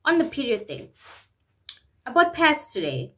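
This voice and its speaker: A woman's voice: sits high, big pitch swings, measured pace, fairly bright tone. Rambling, candid woman vlogger. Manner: rambling, repeats herself often; earnest and open about private matters. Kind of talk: candid personal vlog talk.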